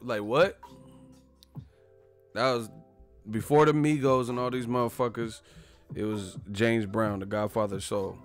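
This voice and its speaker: A man hosting a video, ranting in a profane, animated, joking way. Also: fairly low pitch, normal speed, soft background music. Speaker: video host. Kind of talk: casual comedic rant.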